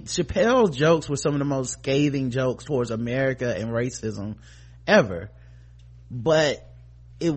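A podcast co-host delivers casual commentary in a husky, mid-range voice. He's animated and profane, full of fillers and restarts that build into emphatic outbursts.

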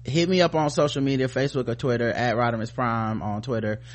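A man's voice: mid-range voice, steady tone, fast. Man, podcast host, casual banter, reads listener comments, profane, joking.

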